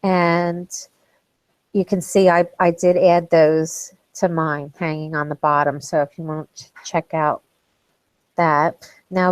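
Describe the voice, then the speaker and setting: Low-voiced woman with a New Jersey accent. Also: dry recording, rough recording. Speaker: livestream co-host. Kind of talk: casual chat.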